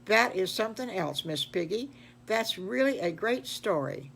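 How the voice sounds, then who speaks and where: A woman's voice: mid-range voice, animated, a little slow, gravelly, fairly bright tone, slight background noise. Grandma voicing a friendly boat-rental man. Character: friendly man renting boats.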